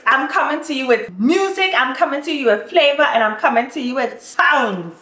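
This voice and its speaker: High bright woman vlogger with a tinge, playful and animated, echoey room. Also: moderate pace. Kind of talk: casual vlog explaining slang.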